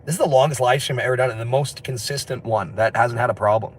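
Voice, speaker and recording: A man's voice: mid-range voice, quick pace, a little hiss or hum. A man chatting casually on a livestream, rambling, swearing and laughing often, talking into a phone. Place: outdoors on city streets.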